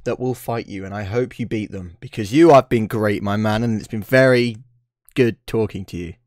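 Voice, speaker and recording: A man's voice: on the low side, normal speed, dry recording, studio quality. A man hosting a casual, joking video chat, often teasing and slipping into voices. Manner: joking, playful, jumps into impressions. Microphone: webcam video call.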